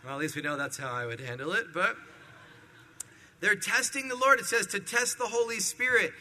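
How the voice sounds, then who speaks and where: A man preaches a sermon, working through verses and acting out scenes with lively energy. His voice is very bright and sits a little high. A long hall reverb trails his words. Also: moderate pace. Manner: animated preaching with acted-out scenes. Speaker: pastor.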